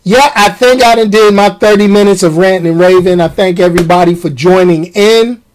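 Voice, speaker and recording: High-voiced man ranting on his podcast. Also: fairly quick, low-quality recording. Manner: animated, talks to the audience with slang. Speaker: podcast host. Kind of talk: casual ranting monologue.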